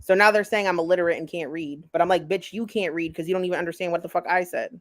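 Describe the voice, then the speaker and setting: A woman's voice: lowish voice, fairly even intonation, fast talker. A woman on a commentary stream, reading chat messages aloud and swearing back at them indignantly. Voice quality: profane, indignant.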